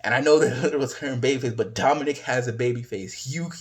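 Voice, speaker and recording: A man's voice: mid-range voice, a little fast. Rambling man giving a casual review. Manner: rambling and hesitant, many fillers, says "bro". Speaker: wrestling reviewer.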